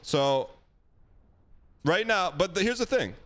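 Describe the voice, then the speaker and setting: A man with a somewhat high, lively voice gives blunt dating advice, emphatic and animated, mixing in folksy comparisons. He sounds like a host in a casual stream chat. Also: slow.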